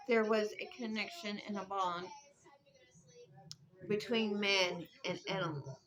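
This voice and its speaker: A woman's voice: mid-range voice, a bit bright, low-quality recording. A woman telling an old legend in a casual, rambling way, drifting off on tangents. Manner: rambling, conversational, drifts off track. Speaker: storyteller. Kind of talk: casual spoken storytelling.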